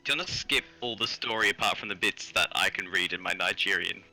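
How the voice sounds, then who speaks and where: A man's voice: low voice, fast, sharp tone, faint music behind. A man streaming a game, reading its lines aloud in playful, theatrical put-on accents between casual chat. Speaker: streamer voicing a dating-game character.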